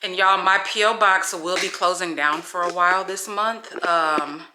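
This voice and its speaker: Animated, profane woman vlogging. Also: lowish voice, normal speed, noisy background. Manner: animated, profane storytelling to viewers. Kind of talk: casual vlog chat to camera.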